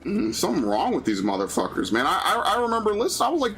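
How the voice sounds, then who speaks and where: Ranting New man, high voice. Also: wildly swooping pitch, quick pace, a bit bright, slight background noise. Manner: profane, ranting storyteller. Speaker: streamer. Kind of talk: casual chat.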